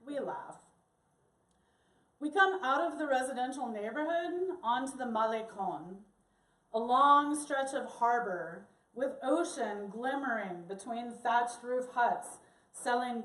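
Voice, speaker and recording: A woman telling a personal story to an audience in an animated, expressive way. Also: on the high side, echoey room, recorded from a distance. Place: church hall.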